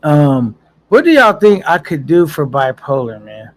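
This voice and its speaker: A man's voice: fairly high pitch, very animated, unhurried. A man casually chatting on a live stream, reading viewer comments aloud in a laid-back, slangy way and laughing often.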